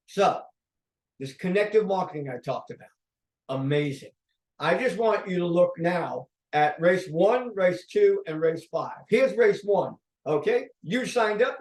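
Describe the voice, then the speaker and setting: High-voiced man giving an upbeat sales pitch. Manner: upbeat pitching, checks in with "okay?". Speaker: company founder presenting. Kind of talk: sales presentation. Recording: echoey room, voice from a distance.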